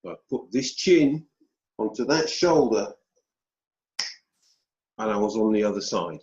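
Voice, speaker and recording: A British man telling a personal story as an interview guest, slow and deliberate with pauses. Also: lowish voice, expressive, darkish tone, a little hiss or hum. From United Kingdom. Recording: dull roomy sound.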